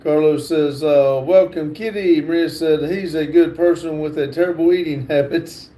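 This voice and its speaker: A man hosting a livestream, reading chat comments aloud in a halting way with fillers and restarts. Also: fairly high pitch, steady tone, warm tone, a little hiss or hum. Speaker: livestream host.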